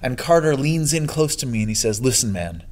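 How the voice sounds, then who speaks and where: A man hosting a casual chat, telling a story with animated energy and frequent laughter. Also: on the high side, a little fast. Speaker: podcast host.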